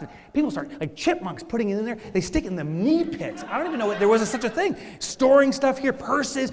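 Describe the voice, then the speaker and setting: A man telling funny stories as a business speaker in a keynote talk, animated and playful. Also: high voice, fast, hardly any pauses. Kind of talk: humorous keynote storytelling. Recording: long hall reverb.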